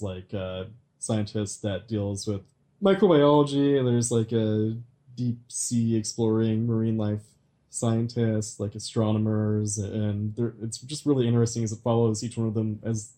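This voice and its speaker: A man co-hosting a casual podcast, talking through films he saw in a relaxed, halting way. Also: lowish voice. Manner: relaxed, halting with restarts and fillers. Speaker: podcast co-host. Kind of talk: casual film review chat.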